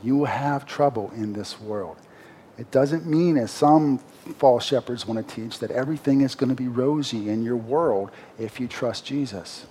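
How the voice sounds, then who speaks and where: A man's voice: medium pitch, moderate pace, mellow, a little hiss or hum. A man preaching a sermon, explaining a Bible passage in a conversational way and rising emphatically when he reads the verses.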